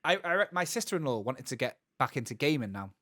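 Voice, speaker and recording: A man's voice: medium pitch, sing-song, quick pace, bright, forceful tone, no echo. A man in casual podcast chat, talking in loose, rambling runs that keep restarting and circling back. His voice sits in an ordinary middle range. The recording is dry and close, with no room sound. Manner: rambling, many restarts and asides. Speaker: podcast co-host.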